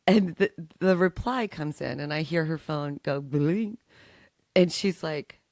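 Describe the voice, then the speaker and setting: A middle-aged woman co-hosting a podcast, telling a long story in animated, swearing, laughing casual chat. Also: lowish voice, dry recording. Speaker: podcast co-host.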